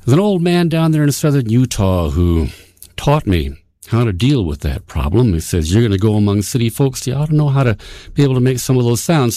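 A man's voice: medium pitch, warm tone, dry recording. A man hosting a folklore radio show, telling stories in a homespun, rambling way from a studio. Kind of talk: folksy radio storytelling.

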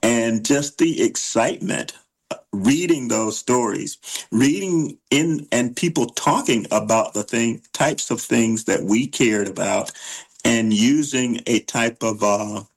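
A middle-aged illustrator of children's books, answering interview questions in a halting way with many fillers and restarts. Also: male voice, medium pitch, poor audio.

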